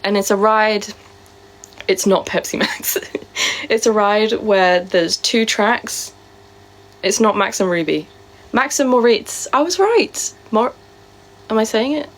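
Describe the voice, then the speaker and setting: A woman's voice: mid-range voice, slow, pauses often. Chatty woman live streamer. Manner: chatty and rambling, with many fillers. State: sore throat. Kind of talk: casual live-stream chat answering viewer comments.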